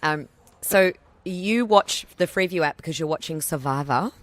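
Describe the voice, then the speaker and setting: Woman, radio co-host, lower voice, playful teasing, interrupts often. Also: moderate pace, no echo. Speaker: radio station owner and guest co-host. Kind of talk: casual banter on radio.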